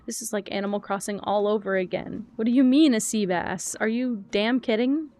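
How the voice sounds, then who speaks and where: A woman's voice: mid-range voice, moderate pace, dark tone. A young woman chatting casually while streaming a cozy game, rambling, thinking aloud and answering chat.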